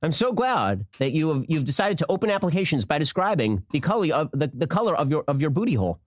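Man, sarcastic commentator, brisk, lively up-and-down pitch, dry recording. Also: no room sound. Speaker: political commentator. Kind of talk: sarcastic commentary from a played clip.

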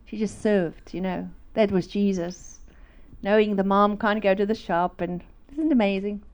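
A middle-aged woman, telling a fervent church testimony in an animated, storytelling way. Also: mid-range voice, moderate pace, dull audio. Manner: animated storytelling, laughing, acting out voices; fervent, preaching. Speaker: speaker giving a testimony.

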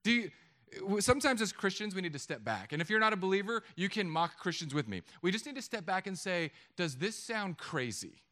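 A middle-aged man preaching a sermon, joking with the congregation in an animated way. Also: high voice, brisk. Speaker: pastor.

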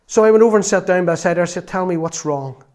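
A man giving an earnest, storytelling sermon that rises into loud exclamations. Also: high voice, quick pace. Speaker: lay preacher.

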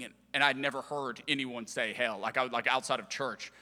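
A man, preaching a sermon and telling humorous family stories with big swings in loudness. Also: medium pitch, fairly even intonation, fast talker. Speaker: pastor. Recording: large hall with long reverb.

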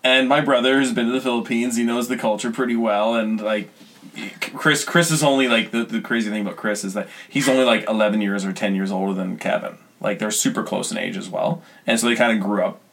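A young man from western Canada telling long, animated stories in casual chat, often bursting into loud quoted voices and laughter. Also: on the low side, fairly quick, gravelly. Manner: animated storyteller, laughing, shouting voices of people in his stories.

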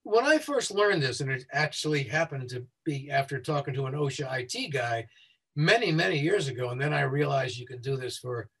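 A man working as a safety consultant. He speaks quickly and explains things step by step as a guest who walks listeners through a website. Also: mid-range voice, pushed and bright, slightly rough, rough recording.

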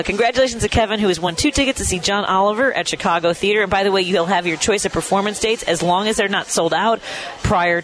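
Chatty, high-voiced male radio host. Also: fairly bright tone, low-quality recording. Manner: chatty, laughing often, self-correcting. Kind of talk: live radio call-in banter. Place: live broadcast from a restaurant.

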